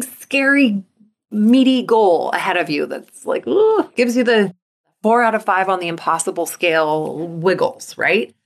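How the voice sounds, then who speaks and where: A woman hosting a motivation podcast as a coach. She talks in an upbeat way and acts out inner thoughts in a lively voice. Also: mid-range voice.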